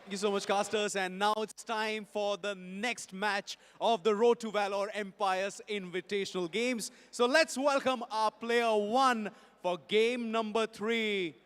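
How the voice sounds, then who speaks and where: A man's voice: high voice, steady tone, unhurried, a bit bright, clean tone. A man with an Indian English accent hosting a live esports event on stage and welcoming the players. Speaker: stage host.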